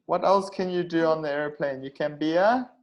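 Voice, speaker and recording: A man's voice: a little high, moderate pace, poor audio. A man teaching an online English speaking class, patient and repetitive, checking in with the students after nearly every sentence.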